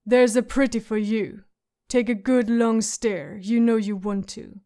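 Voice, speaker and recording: A woman reading the part of a scarred, surly, drunk male warrior who rasps and mocks in an audiobook. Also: a little high, fairly even intonation, a little slow, dark tone. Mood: mocking. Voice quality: rasping, mocking.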